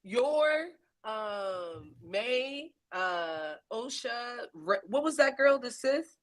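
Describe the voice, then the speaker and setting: A woman with an American accent co-hosting a casual spoiler chat, animated and slangy, often laughing. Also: fairly high pitch, very slow. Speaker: podcast co-host.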